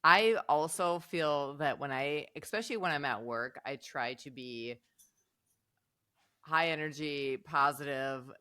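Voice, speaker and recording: A woman's voice: low voice, unhurried, bright, forceful tone, smooth, no room sound. Upbeat woman telling stories, dry sound. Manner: upbeat storyteller, laughs while talking. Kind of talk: casual podcast chat.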